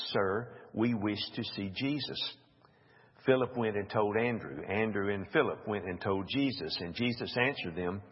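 A man with a husky, lowish voice leads an informal Bible study, slowly musing aloud and reading scripture with off-the-cuff asides. The dull, lo-fi recording carries a long hall reverb.

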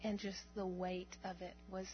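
A woman's voice: mid-range voice, little pitch movement, moderate pace, faint music behind. Earnest woman sharing a testimony. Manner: storytelling, earnest and reflective, with many fillers. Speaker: speaker giving a testimony. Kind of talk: personal faith testimony. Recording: dull lo-fi sound with faint hum.

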